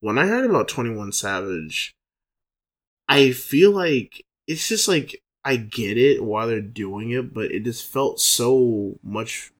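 A man's voice: medium pitch, animated, takes it slowly, a bit bright. A man in casual podcast chat, laid-back and swearing often. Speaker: podcast guest.

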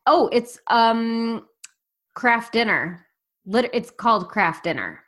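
A woman's voice: a little high, lively intonation, takes it slowly, fairly bright tone. An American woman co-hosting a podcast, chatting casually and playfully and laughing often. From United States. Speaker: podcast co-host. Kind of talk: casual chat.

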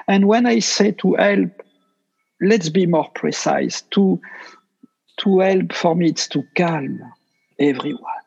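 A man with a French accent, a meditation teacher speaking earnestly and gently in simple English during a podcast interview. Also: on the high side, vocal fry, breathy edge, dull audio. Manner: slow, earnest, gentle speech in simple non-native English.

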